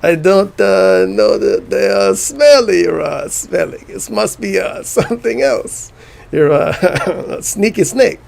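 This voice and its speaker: A sneaky cartoon Frenchman with a mock French accent, as a man puts him on. The voice jumps high and halting, with a gravelly rasp underneath and a sly, innocent air. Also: very animated, a little mellow, heavily acted.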